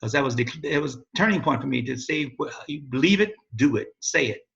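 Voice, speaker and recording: A man's voice: mid-range voice, animated, fast talker, vocal fry, fairly bright tone, highs cut off. An older man telling stories in a casual interview, rambling and correcting himself as he goes. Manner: rambling, self-correcting storyteller. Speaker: interview guest, father of host.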